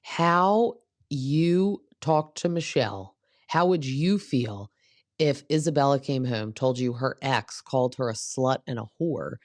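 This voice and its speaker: A woman's voice: a bass voice, lively intonation, a little slow, no room sound, studio quality. A woman hosting a podcast, recapping a reality show in a chatty, gossipy way and acting out what the cast members said. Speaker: podcast host.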